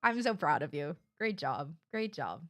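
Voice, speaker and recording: A woman streamer talks casually to her viewers through a streaming mic. Her voice is bright and sharp, and her pitch swings widely as she rants bluntly and swears without a filter. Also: a little slow. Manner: animated and blunt, swears freely. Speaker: live streamer. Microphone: streaming microphone.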